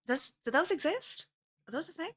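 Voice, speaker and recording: A woman describing her character during a tabletop game, chatty and quick to laugh. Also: sits high, sing-song. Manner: giggly, chatty, laughs a lot. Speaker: player and channel host. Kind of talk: casual tabletop play.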